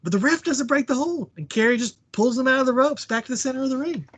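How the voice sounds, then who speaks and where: A man's voice: extremely high pitch, fast, a bit bright, slightly rough. A man co-hosting a casual podcast, joking and chuckling often while recapping a wrestling match. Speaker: podcast co-host.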